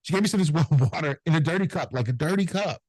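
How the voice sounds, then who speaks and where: In a casual interview, a middle-aged man who runs a notary business tells lively, profane anecdotes, acting out the people in them. His pitch is fairly high and he races along. The recording is dry and the audio poor.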